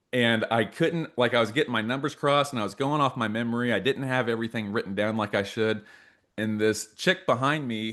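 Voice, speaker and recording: A man in his thirties co-hosting a casual podcast, telling stories with lots of energy. He jumps into loud, lively impressions of the people in his story, and his pitch swings widely from one sentence to the next. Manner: animated storyteller, acts out quotes loudly. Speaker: podcast co-host.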